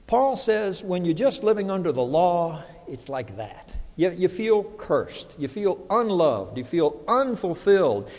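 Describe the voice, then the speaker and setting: A man's voice: fairly high pitch, darkish tone. A man preaching a sermon as a pastor, earnest and emphatic, voice lifting when he quotes others. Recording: hall reverb.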